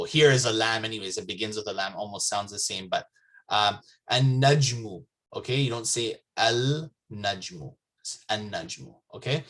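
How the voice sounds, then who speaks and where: A man's voice: mid-range voice, fairly bright tone. A man teaching Arabic letters in a patient, repetitive manner, often checking in with "okay?". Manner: patient, repeats words and checks understanding with "okay?". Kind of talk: slow classroom explanation. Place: mosque classroom.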